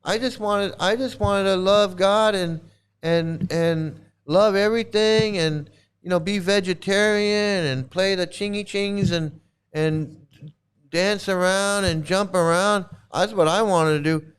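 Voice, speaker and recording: A man's voice: high voice, measured pace, clear, resonant tone. A man hosting a casual monologue, talking emphatically and sarcastically and repeating his points. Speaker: host.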